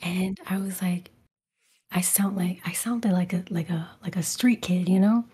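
Soft whispering New York woman. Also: on the low side, unhurried, slightly rough. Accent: neutralized New York. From Brooklyn, New York. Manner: soft whispered chat with frequent laughs. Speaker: guest ASMR creator. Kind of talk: whispered role-play.

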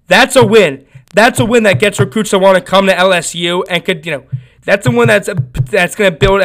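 A man's voice: sits high, vocal fry, fairly bright tone. A young man hosting a casual sports podcast, ranting in an opinionated, rambling way with lots of fillers and restarts. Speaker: podcast host.

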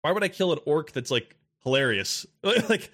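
A man in casual gaming chat, swearing often and laughing through animated rants. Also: on the high side, normal speed.

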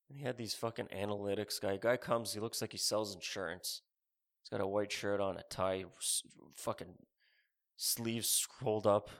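A man in his thirties delivering a rambling, sarcastic, profane comedic rant as a podcast host. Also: lowish voice.

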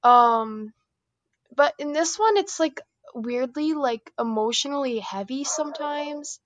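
A woman's voice: high voice, animated, unhurried, dry recording. A woman guesting on a podcast, chatting casually in a meandering, hesitant way full of "like". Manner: meandering, hesitant, heavy use of "like". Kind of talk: casual chat.

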